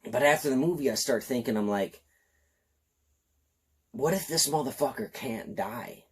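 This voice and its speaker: Husky, buzzed man gushing profanely. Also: mid-range voice, normal speed. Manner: excited, profane, rambling. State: slightly tipsy. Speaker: film reviewer. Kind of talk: casual rambling review.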